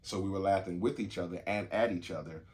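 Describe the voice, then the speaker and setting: A man's voice: low-pitched, quick pace, a little mellow. A middle-aged man, co-hosting a casual couple podcast, laid-back and often laughing, repeating himself. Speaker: podcast co-host.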